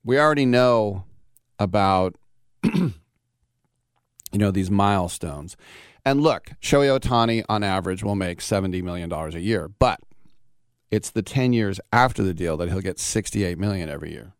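A man's voice: deep voice, animated, moderate pace, clear, resonant tone, no echo, clean studio sound. A man hosting a sports talk radio show, rambling in a brash, casual way and firing off rhetorical questions.

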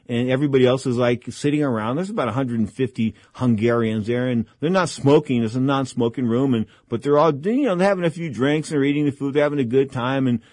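A man's voice: mid-range voice, quick pace, hardly any pauses, a little mellow, no room sound. A middle-aged man hosting a boxing radio talk show, telling rambling stories in an emphatic, chatty, slangy way into a studio microphone.

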